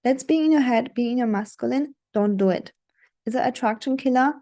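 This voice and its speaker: A woman's voice: a little high, fairly quick, dark tone. A woman dating coach talking straight to her viewers, instructive and repetitive, often checking in with "okay?". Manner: instructive, repeats "okay?" and "don't do it". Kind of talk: coaching monologue.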